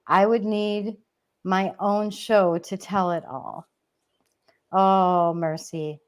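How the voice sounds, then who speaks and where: Slow-talking emotional woman. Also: mid-range voice, fairly even intonation. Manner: emotional, tearful at times, laughs often. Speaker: co-host. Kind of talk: casual storytelling chat.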